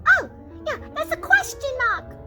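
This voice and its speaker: A woman doing a squeaky, proud little girl puppet. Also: sing-song, unhurried, music in the background, exaggerated voice. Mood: cheerful. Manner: chirpy and self-assured.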